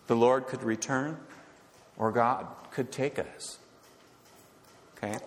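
A man's voice: mid-range voice, fairly even intonation, takes it slowly, a little hiss or hum. A male pastor giving an emphatic sermon, often asking rhetorical questions and checking in with "okay?". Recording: long reverb of a large hall.

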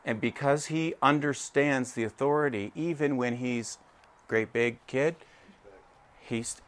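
A man in his forties gives a sermon in a lively, talkative manner, turning to his listeners again and again. His voice sits at an ordinary middle pitch. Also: a little slow. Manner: animated, conversational, checks in with listeners.

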